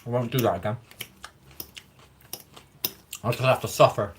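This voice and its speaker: A man's voice: medium pitch, moderate pace, a little hiss or hum. A man chatting casually on a livestream, answering viewer comments in a rambling, frank way, swearing freely and encouraging his viewers.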